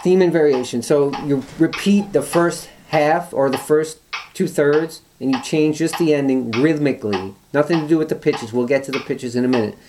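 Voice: medium pitch, normal speed, few pauses, background noise. A music teacher explaining call and response during a guitar lesson, thinking aloud with restarts and fillers, with guitar playing in between.

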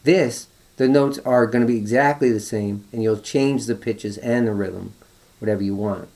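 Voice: mid-range voice, steady tone, normal speed, warm tone. A music teacher explaining call and response during a guitar lesson, thinking aloud with restarts and fillers, with guitar playing in between.

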